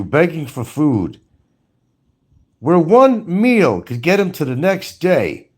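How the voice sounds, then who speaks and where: A man ranting angrily in commentary, swearing often and firing scolding rhetorical questions. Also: on the high side. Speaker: commentary streamer.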